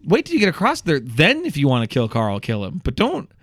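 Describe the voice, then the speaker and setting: A man co-hosting a casual movie review chat, animated and jokey, who sometimes breaks into shouted whoops. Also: a little high, brisk, no echo, clean studio sound. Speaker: podcast co-host.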